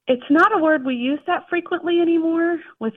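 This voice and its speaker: A woman's voice: very high voice, a little fast, dry recording. A woman from the Chicago suburbs, calling in to a radio show and explaining things in a chatty, friendly way. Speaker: caller. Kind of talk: phone-in chat. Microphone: telephone. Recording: tinny phone line.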